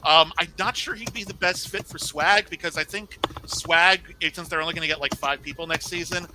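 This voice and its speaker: A man arguing his case in a casual podcast debate, talking fast and animated, sometimes over others. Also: a little high, background noise.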